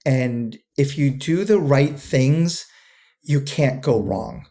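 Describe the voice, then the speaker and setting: A man's voice: mid-range voice, slow, mellow. A man, a guest on a podcast, talking earnestly and often repeating words as he gathers his thoughts. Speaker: podcast guest, two-time founder. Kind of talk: casual interview chat.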